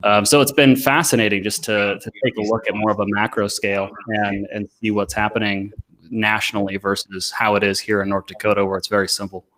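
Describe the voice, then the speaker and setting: Low, flat-voiced man explaining calmly. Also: slight background noise, low-quality recording. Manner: measured, explanatory, with filler words. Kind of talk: casual podcast conversation.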